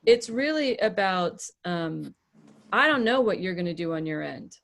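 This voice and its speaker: A woman's voice: on the low side, expressive, moderate pace, creaky. A woman hosting a podcast as a relationship coach, talking to a small group in a direct, matter-of-fact way and acting out examples.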